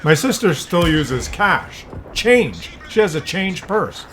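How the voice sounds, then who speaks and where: A man's voice: high voice, very animated, slow pace, a bit bright, slight background noise. An older man talking in a loose, rambling monologue, often restarting words and acting out little scenes. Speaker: vlogger.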